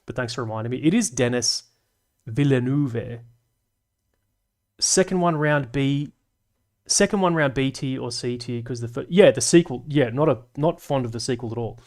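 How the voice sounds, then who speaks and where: Man, streamer host, loose rambly chat, fillers, mid-pitched voice. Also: moderate pace, a little mellow. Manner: rambling, self-deprecating, full of fillers. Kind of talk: casual live stream chat.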